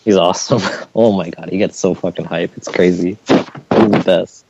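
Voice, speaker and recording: Deep-voiced guest, swearing, lo-fi. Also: male voice, moderate pace, creaky, over a noisy crowd. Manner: excitable, swears freely. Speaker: podcast guest. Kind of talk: casual chat. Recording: dull lo-fi sound.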